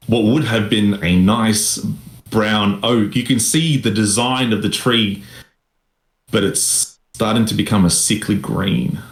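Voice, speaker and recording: A young man running a tabletop game, talking slowly and pausing on filler sounds. His voice sits a little low and rings in a roomy, echoing space. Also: a bit bright. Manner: halting, with frequent uh fillers. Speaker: game master. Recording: roomy echo.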